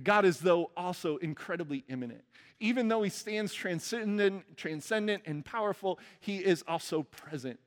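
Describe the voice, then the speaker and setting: A man's voice: high voice, big-room sound. A male pastor delivering an earnest sermon and leading a prayer. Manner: earnest preaching, soft prayerful close.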